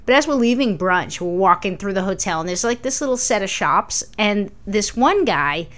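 Lively, animated woman telling stories. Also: mid-range voice, moderate pace. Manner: animated storytelling, swears freely. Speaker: podcast co-host. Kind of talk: casual chat.

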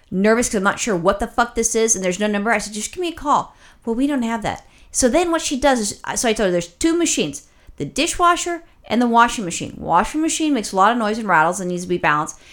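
Woman co-host, casual chat. Profane, exasperated storyteller, rambling and animated. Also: a little high. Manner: animated, rapid rambling with restarts. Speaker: podcast co-host.

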